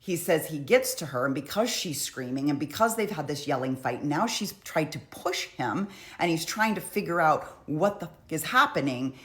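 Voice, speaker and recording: A woman with a deep yet fairly bright voice, expressive and at normal speed, casually recaps courtroom testimony as a true crime commentator. Her style is chatty and conversational, with frequent "like" and "you know."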